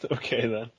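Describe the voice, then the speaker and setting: A man co-hosting a comedy podcast, making wry deadpan asides. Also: lo-fi sound. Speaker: podcast co-host. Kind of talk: casual comedic banter.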